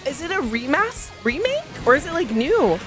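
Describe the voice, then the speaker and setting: A woman streaming a live reaction, excitable and quick to exclaim and laugh. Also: high-pitched, music in the background.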